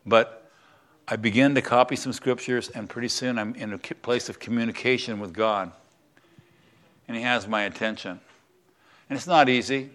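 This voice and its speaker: A man's voice: mid-range voice, steady tone, moderate pace, long pauses, fairly bright tone. An older man from the United States, a semi-retired pastor, giving a conversational Bible lesson and asking the congregation questions. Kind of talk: sermon.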